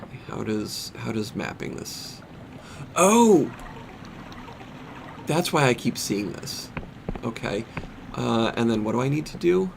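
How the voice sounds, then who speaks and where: Gravelly-voiced man thinking aloud. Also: mid-range voice, very animated, takes it slowly, pauses often, noisy background. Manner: thinking aloud, puzzled asides. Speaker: streamer playing a video game. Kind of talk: casual let's-play commentary. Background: game music.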